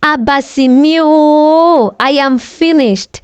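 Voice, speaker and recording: A woman's voice: sits high, slow pace, no room sound, muffled recording, voice pushed up. A woman voicing an older man, a despairing wronged former husband.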